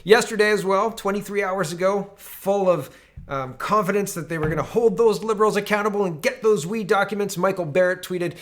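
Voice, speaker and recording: Speaking a little fast in a voice that sits high, a man hosts a casual political commentary show. His tone is sarcastic and mocking, full of animated asides.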